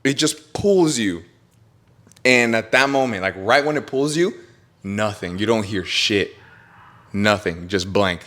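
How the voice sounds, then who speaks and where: A young man hosting a podcast, telling an excited story in casual chat, swearing and laughing often. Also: lowish voice, unhurried, pauses often. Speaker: podcast host.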